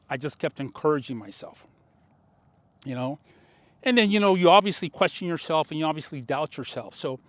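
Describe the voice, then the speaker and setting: A man in his sixties, a car dealer, telling a motivational story to the camera in an animated, building way. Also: on the high side, dry recording. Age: 60s.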